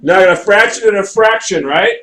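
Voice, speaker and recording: High-pitched and fairly quick, a man lectures a math class over poor audio. With plenty of animation he works through graphs aloud, checking in with students and asking them to verify.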